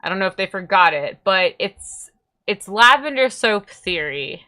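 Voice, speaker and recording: A woman's voice: medium pitch, animated, unhurried, sharp tone. A young woman streamer chatting casually, rambling and tripping over her words. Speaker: VTuber streamer. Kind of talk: casual livestream chat.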